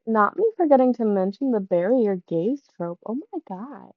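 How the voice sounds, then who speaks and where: A woman's voice: medium pitch, animated, moderate pace, no echo. A woman making a self-mocking, blunt aside in a casual book review vlog. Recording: dull, dry lo-fi recording.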